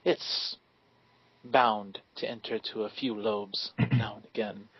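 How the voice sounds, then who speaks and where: A man voicing a stiff, elegant gentleman in a sharp suit who speaks with formal, servile politeness. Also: on the low side, fairly even intonation, takes it slowly, husky, exaggerated voice. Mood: smooth. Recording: dull, lo-fi sound.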